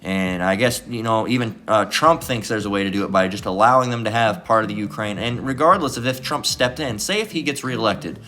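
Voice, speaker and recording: A man's voice: fairly low pitch, a little fast, few pauses, bright, forceful tone, slight background noise. A man giving a rambling, casual scripture commentary as a self-styled bible teacher, cursing freely and tagging his sentences with "all right?". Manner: profane, digressive, constant "all right?" tags.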